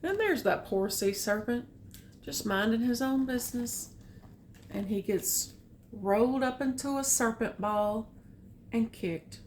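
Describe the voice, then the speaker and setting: An older woman reading a picture book aloud, adding gentle, chatty comments about the pictures. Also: a little high, expressive, a little slow, a little hiss or hum. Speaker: storyteller.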